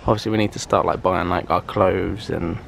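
A man's voice: deep voice, steady tone, a little fast, vocal fry, fairly bright tone, slight background noise. A young man chatting casually to camera for a vlog, rambling with plenty of fillers and restarts. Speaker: vlogger.

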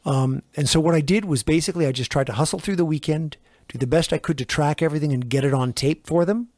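A man's voice: a little high, fast talker, darkish tone, dry recording, studio quality. A man, a record producer, telling long, rambling anecdotes in a casual interview and acting out the quotes in them. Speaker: record producer and engineer guest.

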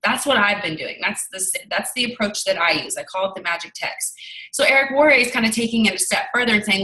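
A young woman gives a chatty, candid motivational talk to her sales team and acts out the conversations she tells. Her voice is very bright and of middling pitch. She sits slightly back from the microphone. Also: expressive, quick pace, distant mic, poor audio. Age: young adult. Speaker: network marketing team leader.

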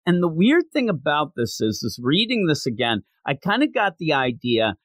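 A man co-hosting a podcast, chatting casually and excitedly as he reviews a manga chapter and acts out lines from it. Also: a little high, moderate pace, no echo. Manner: animated, excitable storyteller acting out quotes. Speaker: podcast co-host.

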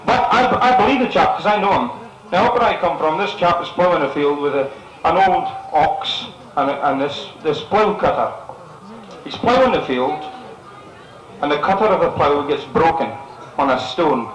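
A man's voice: on the high side, normal speed. A man from the northeast coast, a concert compere telling cheeky jokes and laughing at his own lines. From northeast coast of Scotland. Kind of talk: stand-up joke telling at a live concert. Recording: echoey hall with loud crowd. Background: audience laughter.

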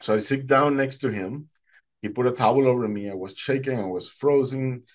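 A man's voice: medium pitch, fairly quick. Man telling a faith testimony. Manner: animated storytelling, acting out quoted speech. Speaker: testimony speaker.

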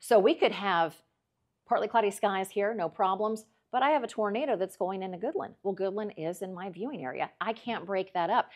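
A middle-aged woman, a meteorologist telling folksy, lively stories as a guest speaker at a club. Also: medium pitch. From Kansas. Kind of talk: after-dinner talk, storytelling.

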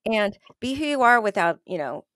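A woman's voice: medium pitch, very animated, normal speed, fairly bright tone, no room sound, studio quality. A woman hosting a podcast, talking reflectively and earnestly with her guest, often restarting her sentences. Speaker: podcast host. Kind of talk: conversational podcast interview.

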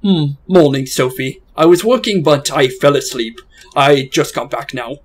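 A man reading a father's lines aloud from a story game in a soft, hesitant way. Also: on the high side, unhurried, slightly rough.

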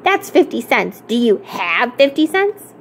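A woman's voice: on the high side, very animated, unhurried, a little hiss or hum, voice pushed up. Woman reading as stern old lady librarian, sour, clipped, disapproving, raised voice.

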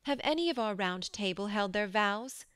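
A woman's voice: medium pitch, expressive, moderate pace, fairly bright tone, clear, resonant tone, no room sound, clean studio sound, natural voice. A woman reading the part of an anguished young knight who cries out in bitter accusation, in a storybook reading. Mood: stricken. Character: anguished young male knight, wild with betrayal.

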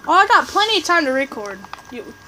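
A woman chatting through a game session as commentator, rambling and excitable, tossing jabs at other players. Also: high voice, a little fast, slight background noise, rough recording. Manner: rambling, excitable, trash-talking teammates; restarts and fillers, chatty. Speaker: gameplay commentator. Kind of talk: casual live game commentary.

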